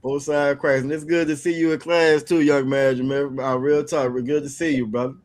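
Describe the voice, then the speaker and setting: Brief: male teacher, fairly high voice, patient and encouraging, online class. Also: little pitch movement. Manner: encouraging, repeats words slowly for practice.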